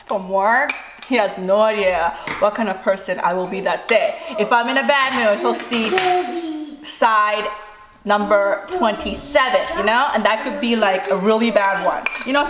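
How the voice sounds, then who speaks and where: A woman's voice: medium pitch, background noise. A woman, a mother, chatting casually and playfully during a mukbang vlog in her home kitchen. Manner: animated, playful and self-mocking. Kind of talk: casual chat while eating. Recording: echoey room with faint dish clatter.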